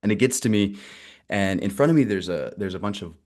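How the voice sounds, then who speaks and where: A man's voice: fairly low pitch, lively intonation, brisk, a little mellow. A young adult man, a nonprofit director, telling a candid personal story in a loose, conversational way. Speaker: nonprofit director giving a talk.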